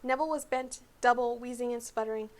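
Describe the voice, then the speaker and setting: A woman's voice: fairly high pitch, fast talker. Woman reading a children's novel aloud. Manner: steady reading with small slips. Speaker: book club reader.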